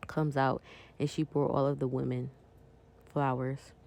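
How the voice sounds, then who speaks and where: A woman's voice: very deep voice, flat delivery, a little slow, creaky, darkish tone. A woman vlogger chatting casually to her viewers as she decorates a planner, talking straight to them. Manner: chatty, talks directly to viewers.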